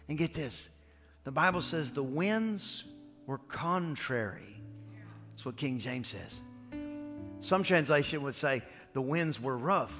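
A male pastor preaching a sermon in a lively, casual storytelling style. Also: on the high side. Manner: storytelling, animated, casual slang. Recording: echoey church hall with faint music.

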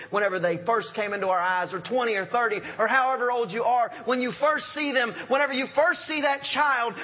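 Brief: male pastor, very high voice, lively preaching, dull lo-fi recording. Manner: animated preaching with acted-out quotes and humor. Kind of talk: sermon.

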